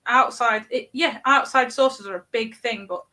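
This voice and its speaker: Bright-voiced British woman, halting. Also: a little high. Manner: halting, many restarts and likes. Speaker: guest, parenting coach. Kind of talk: casual podcast interview.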